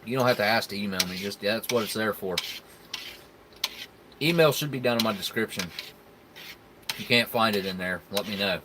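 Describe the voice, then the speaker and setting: A man's voice: on the low side, fairly quick, pauses often, background noise. A man, hosting a casual live stream where he tastes food and chats with viewers in a laid-back, rambling way. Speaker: live stream host reviewing military rations.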